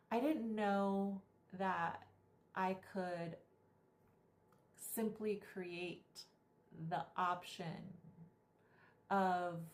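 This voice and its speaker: A woman's voice: lowish voice, creaky, a little mellow. A woman vlogger and spiritual guide who tells a story animatedly and acts out the people she quotes. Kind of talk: storytelling vlog. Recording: echoey room.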